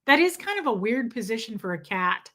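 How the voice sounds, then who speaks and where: Woman doing a casual livestream, rambly, bright voice, reads chat, coos at her cat. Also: a little high, sing-song, brisk. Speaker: livestream host reading chat. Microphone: streaming setup.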